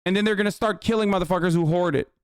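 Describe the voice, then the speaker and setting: A man's voice: sits high, racing, clean tone, no echo, clean studio sound. A man hosting a livestream and giving heated political commentary in a combative, profane rant. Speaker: livestream host.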